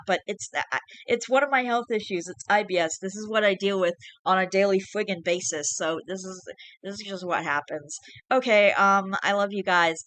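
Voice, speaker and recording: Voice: medium pitch, pushed and bright, no echo. A person reading fan fiction aloud to viewers, chatty and apologetic between chapters while feeling unwell. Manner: chatty, apologetic, candid asides.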